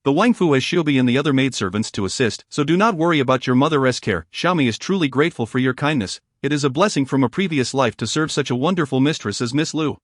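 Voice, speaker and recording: A man narrating a story in a measured, even reading voice. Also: medium pitch, no echo, clean studio sound.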